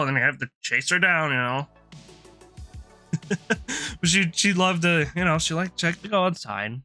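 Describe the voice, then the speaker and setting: A man's voice: on the high side, sharp tone. A man streaming live, telling a long rambling story in casual chat, laughing often and restarting his sentences.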